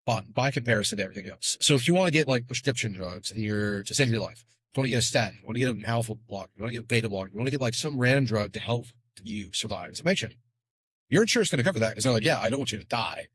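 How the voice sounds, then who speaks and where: Man, podcast guest, rapid chatty explaining, husky voice, dry close sound. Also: medium pitch, animated, no room sound. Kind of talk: fast casual explanation.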